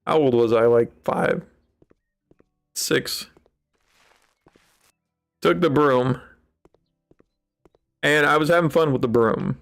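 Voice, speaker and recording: Gravelly, slow-talking man playing a game. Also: mid-range voice. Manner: rambling, wry, mock-dramatic sulking. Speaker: gaming channel host. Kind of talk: casual let's-play commentary.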